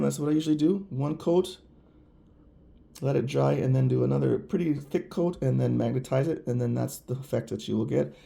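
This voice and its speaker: A man's voice: medium pitch, vocal fry, dark tone. A man chatting casually and enthusiastically to viewers while reviewing products. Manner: gushing, chatty, addresses viewers directly. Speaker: nail polish reviewer.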